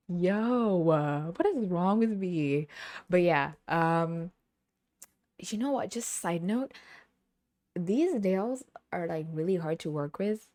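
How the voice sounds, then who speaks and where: A young woman talks straight to the camera in a relaxed, rambling monologue, with a voice that sits on the low side for a woman. She laughs a lot and slips into quick impressions of the people in her stories. The sound is close and dry, with almost no room around it. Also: dry recording. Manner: chatty and animated, laughs often, acts out other people's voices. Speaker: podcast host. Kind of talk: casual storytelling monologue. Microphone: camera on the speaker.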